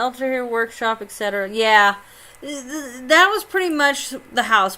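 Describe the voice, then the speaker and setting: A woman's voice: a little high, bright, forceful tone. A woman from Indiana, chatting casually on a live stream while she plays a game, reading chat aloud and laughing often. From Indiana, United States.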